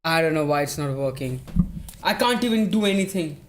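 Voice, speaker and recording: A man's voice: on the high side, lively intonation, a little fast. A young man hosting a live football watch-along stream, reacting to the match and answering chat in a casual, profane way.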